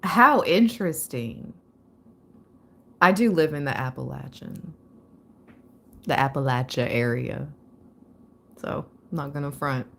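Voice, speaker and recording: A young woman reads tarot live on stream in an excitable, chatty way. She laughs often. Her tone is bright and forceful, and she speaks at an unhurried pace. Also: low voice, creaky, a little hiss or hum. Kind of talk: casual live-stream reading.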